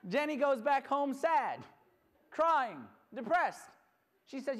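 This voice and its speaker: A retreat speaker preaches through a story, lively and animated, acting out each character. The talk stays energetic and direct with the gathered crowd. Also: high voice, normal speed. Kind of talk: storytelling sermon.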